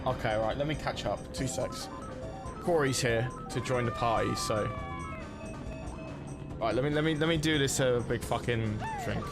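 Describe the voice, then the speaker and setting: Music plays behind this young streamer as he talks during a racing game, his casual chatter sweary and rambling, full of restarted sentences. He speaks in a mid-range voice at a moderate pace, with long pauses.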